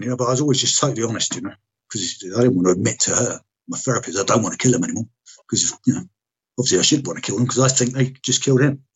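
Husky British man telling a frank story. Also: mid-range voice. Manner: halting, restarts, frank and profane. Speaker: guest, military veteran. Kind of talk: personal storytelling in conversation.

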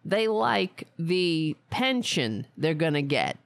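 Sarcastic, tired woman host, creaky voice. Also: sits low, very animated, slow pace, dry recording. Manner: angry, sarcastic commentary. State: tired and unwell. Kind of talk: political commentary show.

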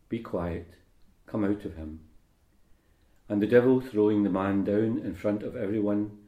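Deep-voiced priest in echoey church. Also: male voice, highs cut off. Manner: measured, unhurried delivery with fillers in homily. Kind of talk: liturgical reading and homily. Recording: roomy church echo.

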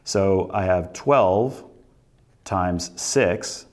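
A man with a very low, deep voice walks through a lesson. He talks in a relaxed way, thinks aloud, and often stops to restart his sentences with fillers. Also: drawn-out words. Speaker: instructor. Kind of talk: recorded lecture walkthrough.

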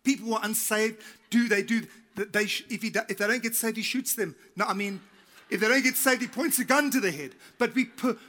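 A middle-aged man preaching a sermon as pastor, telling a story with lively acted-out quotes and repeated key phrases. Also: high-pitched, a little fast.

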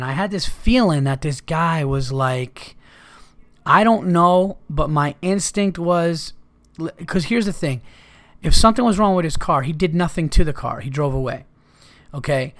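A man hosting a podcast and telling a casual, rambling anecdote with plenty of swearing. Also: a little high. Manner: rambling, profane, laid-back anecdotes. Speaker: podcast host. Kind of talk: casual storytelling.

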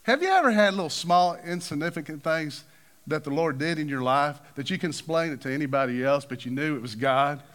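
Animated preacher, big swings. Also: male voice, a little fast. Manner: animated, acts out quoted figures with big pitch swings. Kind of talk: sermon.

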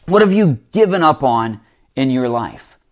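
A man preaching a sermon in a conversational way, reading scripture and dropping to a hushed voice for emphasis. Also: mid-range voice, big pitch swings, unhurried. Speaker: pastor.

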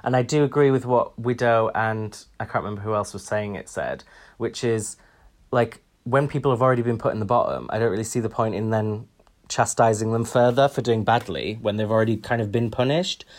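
A man's voice: on the low side, a little fast. A man co-hosting a podcast in casual chat, wry and chatty with frequent ums. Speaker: podcast co-host.

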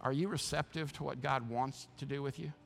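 A man's voice: mid-range voice, fairly even intonation, a little fast, vocal fry, soft background music. A man preaching a sermon as pastor, impassioned and emphatic, often repeating words as he restarts.

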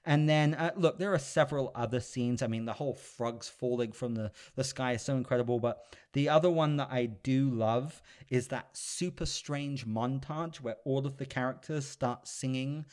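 A man's voice: mid-range voice, moderate pace, a little mellow, smooth. A man co-hosting a casual podcast chat, talking with enthusiasm and acting out lines from film scenes. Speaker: podcast co-host.

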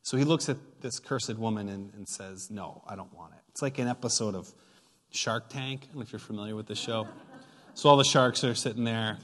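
A man's voice: lowish voice, brisk. A man preaching a sermon as pastor, retelling a story with playful asides and emphatic build-ups. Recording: long hall reverb.

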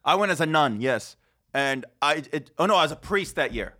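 A man hosting a podcast, telling rambling, foul-mouthed stories in casual chat, his voice slightly hoarse. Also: a little high, animated, fairly quick, pushed and bright. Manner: rambling storyteller, swears freely, laughs often. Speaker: podcast host.

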